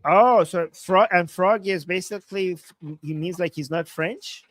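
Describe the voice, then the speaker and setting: A man's voice: sits high, unhurried, fairly bright tone, dry recording. A man from Iran co-hosting a live stream, reading viewer messages aloud in a chatty, easygoing way and laughing easily. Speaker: livestream co-host. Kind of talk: casual live-stream chat.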